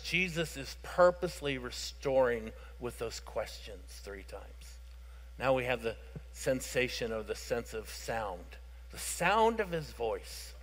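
A man preaching a sermon as pastor, explaining scripture and moving between hushed passages and loud, fervent emphasis. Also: fairly high pitch. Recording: reverberant hall.

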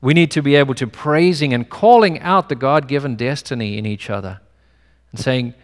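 At a moderate pace and medium pitch, a pastor with a non-American English accent preaches as though chatting, sprinkling in personal anecdotes. The recording carries a long reverb typical of a hall.

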